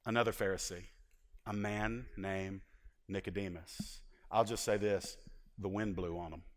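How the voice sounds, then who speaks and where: A man preaching a sermon as pastor, swinging from shouted points to hushed asides and acting out the voices he quotes. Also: sits low, fairly even intonation, a little slow, in a large hall.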